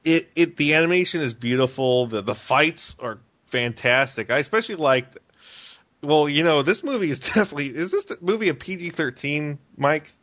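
Excitable bright-voiced man. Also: fairly high pitch, normal speed. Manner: excitable, laughs often, restarts sentences. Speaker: podcast co-host. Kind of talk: casual podcast chat about an animated movie.

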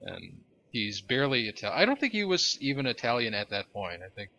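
A man's voice: medium pitch, big pitch swings, a little fast, pushed and bright. A man co-hosting a podcast, chatting casually with dry, sarcastic asides. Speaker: podcast co-host. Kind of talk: casual chat. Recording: dull lo-fi audio.

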